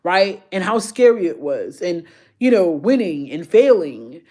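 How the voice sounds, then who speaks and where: A woman's voice: on the low side, sing-song, a little slow, mellow. A woman, a fashion YouTuber chatting casually and emotionally with her viewers on a live stream. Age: 30s.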